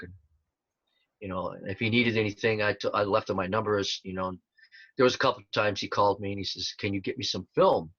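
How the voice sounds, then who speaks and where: Low-pitched, bright, and forceful, a tribute performer in his sixties guests on a casual storytelling interview, rambling and restarting with many fillers. There's no echo, and the sound quality is dull and lo-fi.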